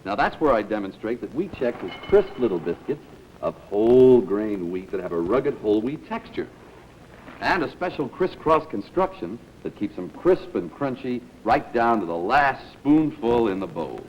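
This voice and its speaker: A man's voice: on the low side, big pitch swings, normal speed, darkish tone, highs cut off. A man delivers a scripted comic commercial as an earnest spokesman, reacting with mock surprise. His voice moves around freely, and faint hiss sits under the old recording. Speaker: sponsor spokesman in a comedy sketch.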